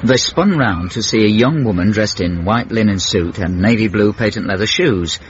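A man's voice: on the low side, moderate pace, slight background noise. A man narrating a radio comedy drama in a dry, wry storytelling manner. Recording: muffled old radio.

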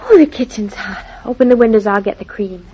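A woman's voice: medium pitch, brisk, breathy edge, close to an everyday voice. An actress playing a cheerful, playful young wife in a vintage radio drama, bubbly and bossy as she gives orders. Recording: muffled old radio recording.

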